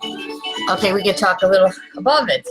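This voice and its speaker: Music plays behind a woman hosting a laid-back holiday chat, where she jokes and keeps dissolving into giggles in an animated way. Her voice is medium-pitched and fairly quick, on a rough recording.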